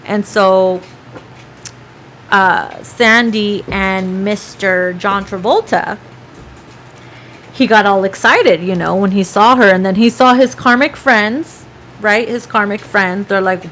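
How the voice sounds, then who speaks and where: A woman's voice: mid-range voice, slow pace, a bit bright, slight background noise, poor audio. A woman giving a casual tarot reading, chatty and profane, now and then breaking into snatches of song. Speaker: tarot reader.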